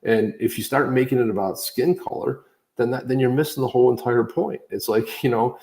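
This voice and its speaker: A man's voice: mid-range voice, brisk, a little mellow. A man talking in a casual political chat on a podcast, rambling with many restarts and fillers. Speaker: podcast co-host. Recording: roomy echo.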